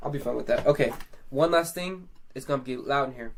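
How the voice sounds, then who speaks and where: A man's voice: mid-range voice, fairly even intonation, brisk, loud music behind the voice. A man vlogging casually from his home recording studio, talking loosely with lots of "like" and free swearing. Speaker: singer-songwriter vlogger.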